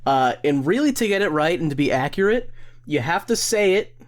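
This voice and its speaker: A male podcast co-host with a fairly high voice that rises and falls widely. He delivers dry, sarcastic quips in loose, casual chat. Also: very animated, fairly quick, slight background noise.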